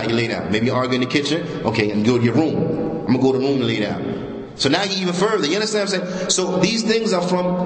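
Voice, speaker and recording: A man giving a religious lecture in a mosque, talking informally, animated, and quizzing the audience with rhetorical questions. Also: high voice. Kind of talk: sermon. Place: mosque prayer hall. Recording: echoey mosque hall.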